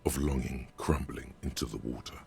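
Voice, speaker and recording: An actor voicing a brooding male inner-voice narrator in a detective video game, speaking in a slow, ominous, poetic way. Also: a bass voice, fairly even intonation, gravelly, music in the background, full character voice.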